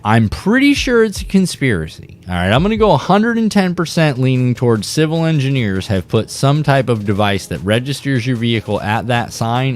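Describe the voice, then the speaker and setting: A man hosting a fishing podcast, telling a rambling story in a casual, animated way and talking straight to his viewers. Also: medium pitch, moderate pace, hardly any pauses, faint music behind.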